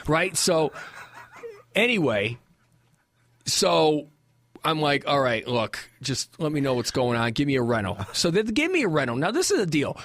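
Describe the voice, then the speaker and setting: A young adult man co-hosting a casual podcast, telling a story with lots of swearing and quick imitations of the people he talks about. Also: fairly high pitch, no room sound, studio quality. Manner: animated storyteller, swears a lot, mimics people he quotes. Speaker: podcast co-host. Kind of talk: casual crude banter and storytelling.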